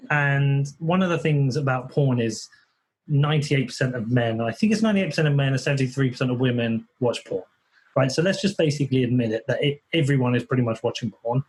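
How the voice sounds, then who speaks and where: A man's voice: medium pitch, brisk, darkish tone, husky. An English man, a podcast guest, talking bluntly in casual chat, swearing and restarting his sentences often. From England.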